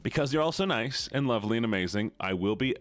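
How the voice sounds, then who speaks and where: A man's voice: lively intonation, quick pace, no room sound. A man live-streaming in a playful, teasing way, chatting with his viewers. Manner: playful, teasing, squeals high when mock-upset. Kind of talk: casual live-stream chat.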